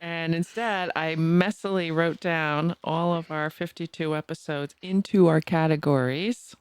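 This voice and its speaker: A bubbly woman in her sixties with a Boston accent co-hosts a podcast in easy casual chat, laughing often. Her voice sits a little low for a woman, recorded close and dry. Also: steady tone, measured pace, smooth, no room sound. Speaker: podcast co-host.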